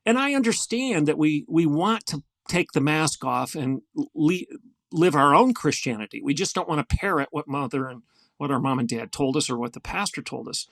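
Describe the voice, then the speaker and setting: Emphatic gravelly-voiced older man. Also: a little high, animated, moderate pace, fairly bright tone, no echo. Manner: earnest, emphatic storyteller. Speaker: guest, former university president. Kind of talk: podcast interview storytelling.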